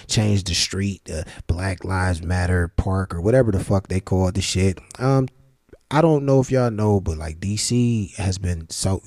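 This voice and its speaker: A man giving a profane, sarcastic ranting commentary, often jumping into high-pitched outraged questions. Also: darkish tone, no echo, clean studio sound. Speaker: vlogger.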